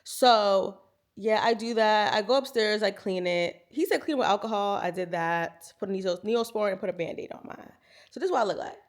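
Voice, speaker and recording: A woman's voice: mid-range voice, fairly quick. A woman in her thirties, a lifestyle vlogger telling a story to camera in a casual, chatty way, talking to viewers like friends. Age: 30s. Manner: animated, chatty, talks to viewers as "girl" and "y'all".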